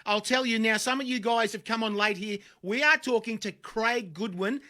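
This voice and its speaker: A man co-hosting a live show, joking loudly and teasing his guest. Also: high voice, normal speed. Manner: boisterous, joking, laughs often. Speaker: co-host. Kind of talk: casual live show banter.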